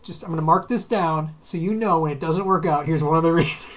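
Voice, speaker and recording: A man's voice: a little high, fairly quick, background noise. A man co-hosting a podcast in casual chat, joking, laughing often and trailing off mid-sentence. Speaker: podcast co-host.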